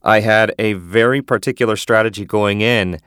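A man's voice: fairly low pitch, steady tone, normal speed, a bit bright, smooth, no echo, studio quality. A man from Cincinnati, an audiobook narrator guesting on a podcast, upbeat and enthusiastic. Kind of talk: casual interview.

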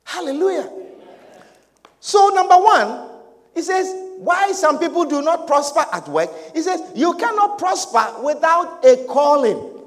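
A man preaching a sermon with slow, emphatic delivery, shouting his key points and drawing amens from the congregation. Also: extremely high pitch, very animated, faint music behind. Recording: long reverb of a large hall.

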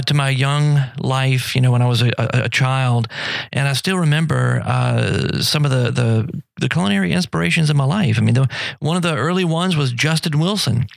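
A man's voice: fairly high pitch, gravelly, no echo. A middle-aged man hosting a live radio show, chatting casually and rambling with many fillers and restarts. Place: radio studio.

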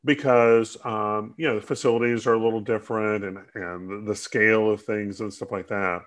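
A man co-hosting a casual talk show, speaking in halting bursts with frequent restarts and fillers. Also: on the low side, steady tone. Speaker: co-host. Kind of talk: casual chat.

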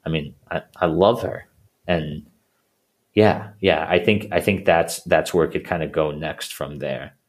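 A man's voice: very deep voice, unhurried. A man in his thirties talking through his thoughts as a coaching client, rambling with lots of fillers and restarts. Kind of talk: casual conversation.

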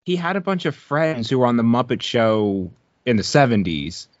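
A man co-hosting a casual podcast, telling anecdotes in a relaxed way, on a dull lo-fi recording. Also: medium pitch, normal speed, no echo. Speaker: podcast co-host. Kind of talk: casual chat. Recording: dry, dull lo-fi sound.

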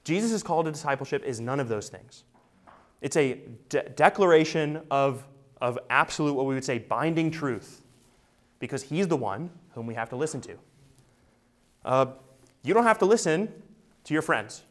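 A man's voice: fairly high pitch, animated, moderate pace, long pauses. A man preaching an expository sermon, emphatic and full of rhetorical questions. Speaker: pastor.

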